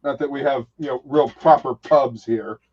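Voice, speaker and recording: A man's voice: mid-range voice, normal speed, a little mellow. A man hosting a casual live chat, telling rambling, profane stories and laughing often. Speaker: host. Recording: dull, dry lo-fi sound.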